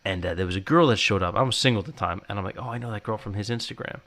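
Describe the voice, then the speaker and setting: A man in his thirties hosting a podcast, talking in a relaxed, reflective way. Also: lowish voice, very fast. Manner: relaxed, reflective, quotes himself. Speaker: podcast host. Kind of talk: casual chat.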